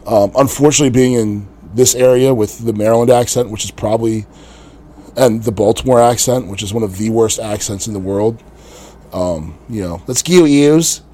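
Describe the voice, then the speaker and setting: A man's voice: fairly low pitch, normal speed, warm tone. Laughing storyteller man on a podcast. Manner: anecdotal storyteller, laughs often. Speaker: podcast co-host. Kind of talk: casual chat.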